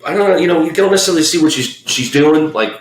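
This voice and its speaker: A man's voice: fairly high pitch, animated, fast, reverberant, rough recording. A man from Memphis, co-hosting a podcast and ranting about a film in blunt, profane, rambling talk. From Memphis, US South. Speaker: podcast co-host. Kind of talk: casual profane film chat.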